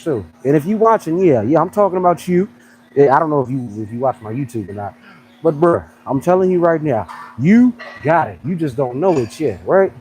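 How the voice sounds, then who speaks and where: Young male fitness coach on a casual live chat: slangy and joking, with a lively voice that rises and falls a lot. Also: on the high side, slight background noise, poor audio. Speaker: fitness coach and pro bodybuilder.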